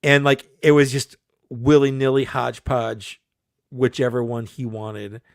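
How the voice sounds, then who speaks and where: A man's voice: medium pitch, little pitch movement, a little slow, gravelly, dry recording, clean studio sound. A man chatting as a guest, jokey and self-mocking, laughing often. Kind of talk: casual chat.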